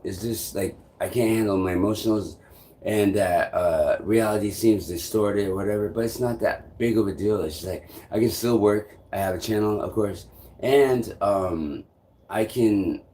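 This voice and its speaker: Young male vlogger, slightly low voice, halting and rambling, casual live-stream chat. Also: darkish tone. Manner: rambling, halting, swears often, many fillers.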